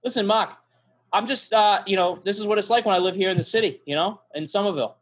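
A man's voice: high-pitched, big pitch swings, very fast, breathy edge, no echo, voice pushed up, exaggerated voice. A man putting on a chummy, rambling Boston local voice, greeting an old acquaintance.

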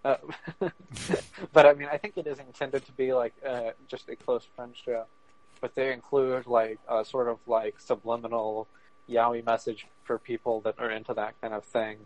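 A man's voice: medium pitch, level tone, moderate pace, low-quality recording. A man co-hosting a podcast in casual chat, rambling with many fillers and laughing often. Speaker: podcast co-host.

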